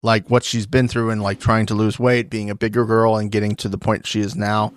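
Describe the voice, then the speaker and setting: A man co-hosting a casual reality-TV recap podcast, animated and acting out quotes in little put-on voices. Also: fairly low pitch, a little fast, no echo, clean studio sound. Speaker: podcast co-host.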